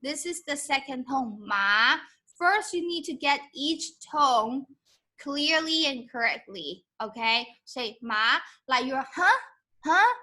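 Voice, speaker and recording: A woman with a high, bright voice teaches Mandarin in a live-stream lesson, speaking a little slowly and mixing English with Mandarin. She demonstrates tones by drawing out syllables and stays encouraging, often asking "okay?"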